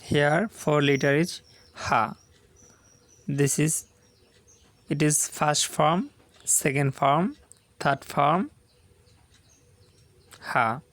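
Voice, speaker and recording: A man's voice: a little high, very slow, long pauses, a bit bright, dry recording. A man teaching Arabic letter pronunciation in simple English, repeating each sound several times. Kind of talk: slow letter-by-letter pronunciation lesson.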